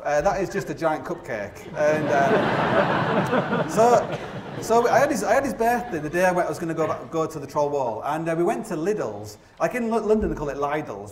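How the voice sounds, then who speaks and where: A man in his forties tells climbing stories on stage at a rapid clip, rambling, self-mocking and stumbling through restarts. His voice sits a little high and rings around the big, echoey theatre. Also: noisy background. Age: 40s. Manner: rambling, self-deprecating, heavy with fillers. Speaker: mountaineer giving a live talk. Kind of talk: live comic storytelling to an audience. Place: opera house stage.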